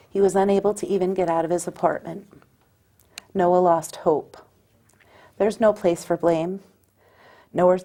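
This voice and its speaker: A woman with a low, gravelly voice speaks in a steady, even testimonial, with a dark tone and little rise and fall. Her delivery is measured and earnest throughout. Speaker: suicide loss survivor sharing her story. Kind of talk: personal testimonial.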